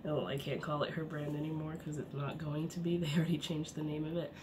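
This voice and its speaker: A woman in her thirties rambles chattily through a home vlog, her deep voice congested from a cold. She talks fast with little pitch movement, peppering her speech with fillers and laughs. The home recording is noisy.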